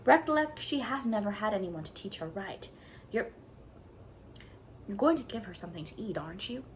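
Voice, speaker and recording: A woman reading aloud voices a shy, gentle older farmer who speaks hesitantly and softly. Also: mid-range voice, lively intonation, normal speed, slight background noise, natural voice. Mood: uneasy. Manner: hesitant, uneasy, soft-spoken.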